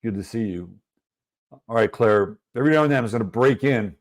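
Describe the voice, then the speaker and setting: A man's voice: on the low side, brisk. Chatty man greeting livestream viewers. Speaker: livestream host. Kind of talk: casual livestream chat.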